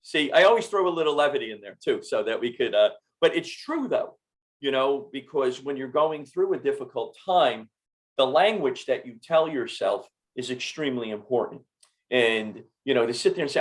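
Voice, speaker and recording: A man's voice: medium pitch, lively intonation, normal speed. A man hosting a podcast interview, speaking in an encouraging, motivational way. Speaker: podcast host.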